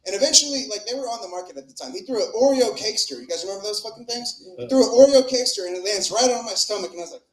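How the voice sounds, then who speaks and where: A man's voice: high voice, expressive, racing, few pauses. A man doing a crude, rambling, profane open-mic stand-up set on a club stage. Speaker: stand-up comic. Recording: echoey club room.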